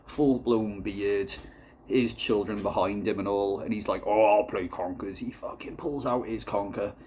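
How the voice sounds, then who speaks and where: A man's voice: fairly low pitch, measured pace, slight background noise. Profane, rambling man reviewing beer. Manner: rambling, profane, deadpan storytelling. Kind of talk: casual comic vlog.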